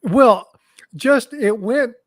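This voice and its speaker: A man's voice: very high-pitched, drawn-out words, a bit bright, no echo. A man hosting a casual live stream, laughing often and reading comments from the chat.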